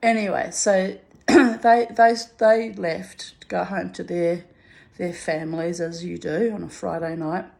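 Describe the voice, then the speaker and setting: A middle-aged woman telling a personal anecdote in an animated way, acting out the dialogue. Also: fairly low pitch, unhurried, vocal fry. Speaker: storyteller.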